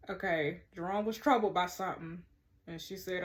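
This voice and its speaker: A woman's voice: fairly low pitch, moderate pace. A woman chatting with viewers as she plays a mystery game, reading clues and messages aloud. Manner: chatty, talks to viewers, reads texts aloud. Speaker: gamer playing a mystery game. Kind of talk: casual let's-play commentary.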